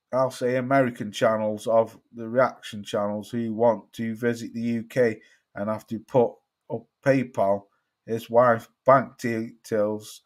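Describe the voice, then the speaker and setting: A man with a London accent hosting a casual live stream about boxing, answering viewers and swearing freely as he gives his opinions. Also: mid-range voice. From England. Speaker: boxing channel host.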